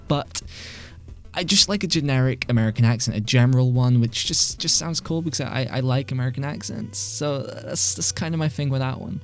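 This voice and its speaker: A man's voice: medium pitch, a little fast. A British man rambling casually into a microphone as host of his gaming channel, sweary and self-deprecating. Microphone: desk microphone.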